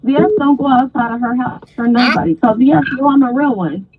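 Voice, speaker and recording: A woman host telling a story in a casual, animated, profane way, acting out other people's lines. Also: sits high, fairly quick. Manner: animated, profane, acts out quoted voices. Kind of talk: casual storytelling on a live stream. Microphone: phone. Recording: dry, husky, phone-like sound.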